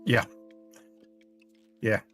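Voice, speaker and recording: A man's voice: extremely slow, a bit bright, faint music behind. Self-mocking man telling a rambling story. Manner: rambling, self-mocking storyteller who laughs at his own mishaps. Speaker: podcast co-host. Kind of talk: casual chat.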